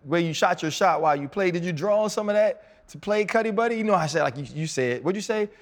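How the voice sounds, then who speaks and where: A man's voice: sits high, animated, fast, long reverb tail. Teasing man asking rambling questions. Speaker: podcast co-host. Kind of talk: casual podcast chat.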